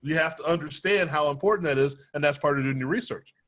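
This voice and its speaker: A man's voice: fairly high pitch, quick pace, fairly bright tone. A man hosting a sports interview show, chatting casually with his guest. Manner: conversational, affirming with short replies. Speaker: interview host.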